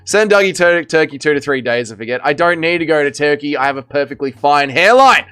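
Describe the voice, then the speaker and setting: An Australian man hosting a livestream in casual chat, wry and self-mocking and quick to protest as he reads out chat messages. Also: fairly high pitch, animated, fairly bright tone, clear, resonant tone. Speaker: livestream host.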